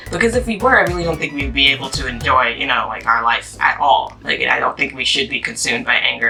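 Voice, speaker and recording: A woman's voice: rumbling low, gravelly, sharp tone, distant mic, poor audio. A woman chatting casually about a book she read, full of fillers, and reading her own review aloud. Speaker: book vlogger.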